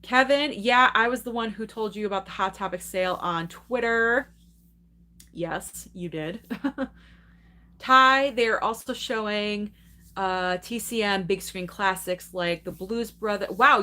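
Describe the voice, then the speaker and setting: A woman's voice: medium pitch, pushed and bright. Chatty woman hosting a live stream. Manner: chatty and enthusiastic, laughs often, reacts to chat. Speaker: host of a live movie channel stream. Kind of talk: casual live-stream chat reading viewer comments.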